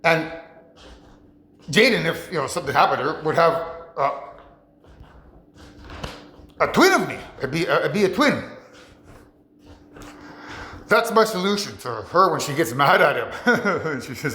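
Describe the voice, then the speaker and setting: A man in a rambling monologue who talks haltingly, restarts his sentences often and laughs a lot. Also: a little high, big pitch swings, bright, forceful tone, echoey room. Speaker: vlogger.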